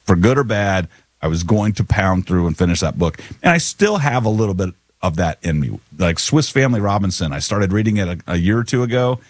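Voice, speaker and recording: Husky-voiced man in casual podcast chat. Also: low-pitched, lively intonation, fairly quick, no echo. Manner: rambling, restarts and teasing asides. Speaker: podcast co-host.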